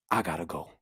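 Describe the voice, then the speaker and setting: A man's voice: bright, forceful tone, no room sound. A man hosting a casual live-stream podcast, chatting in slang, laughing often and repeating his phrases. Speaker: livestream podcast host.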